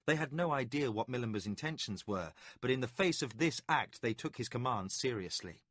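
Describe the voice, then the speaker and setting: A man reading a fantasy audiobook as scripted narration, dramatic and expressive. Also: medium pitch, a little fast, dry recording, clean studio sound.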